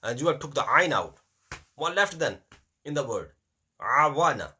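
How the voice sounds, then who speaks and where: A man teaching Quran pronunciation, explaining rules in English and slowing down to recite verses. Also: a little high, sing-song, bright, forceful tone, slightly rough. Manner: explains in English mixed with Hindi, slows right down to recite verses. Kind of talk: online lesson.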